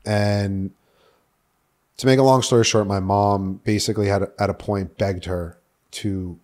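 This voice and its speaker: A young man from New York City with a fairly low voice tells his story as a podcast guest. He rambles, swears often and fills his sentences with "like". It sounds candid and unscripted. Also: fairly even intonation, a little slow, darkish tone. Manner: rambling, profane, filler-heavy with "like".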